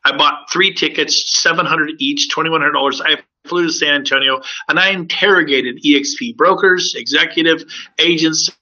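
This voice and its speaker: A man's voice: a little high, normal speed, bright, forceful tone. A man, a real estate broker, giving an upbeat, persuasive sales presentation to recruits in a webinar. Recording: dull lo-fi audio.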